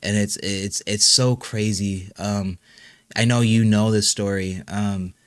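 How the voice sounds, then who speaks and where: A young man, a musician and host, talking through a personal interview in a halting way, with many fillers and restarts. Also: fairly low pitch, fairly even intonation, smooth, no echo, studio quality.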